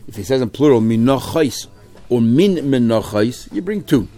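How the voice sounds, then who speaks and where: Male Talmud teacher, lively, keeps asking the class questions. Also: medium pitch, moderate pace, faint music behind. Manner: lively, mixes Hebrew-Aramaic terms into English, rhetorical questions.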